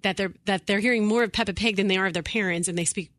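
A woman co-hosting a casual chat, chatty and quick to laugh. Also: medium pitch, fairly even intonation, a bit bright, slight background noise. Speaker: co-host.

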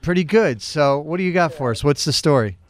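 Animated man hosting morning radio. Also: fairly high pitch, brisk, a crowd in the background. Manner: animated storyteller. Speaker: radio show host. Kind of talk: morning radio call-in chat.

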